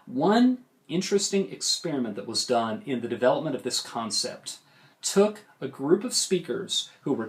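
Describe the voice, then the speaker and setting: Animated male public speaking teacher. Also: mid-range voice. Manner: animated, demonstrates big vocal range and gestures. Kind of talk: recorded lecture to camera.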